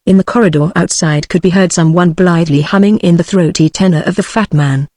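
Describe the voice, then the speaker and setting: A synthetic narrator reading a novel at a mid pitch, steady and mechanical. The sound is dry and close, with no room around it, and it now and then stumbles over names. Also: brisk, no room sound. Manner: even, mechanical reading with odd mispronunciations. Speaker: audiobook narrator. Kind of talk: synthetic text-to-speech book reading.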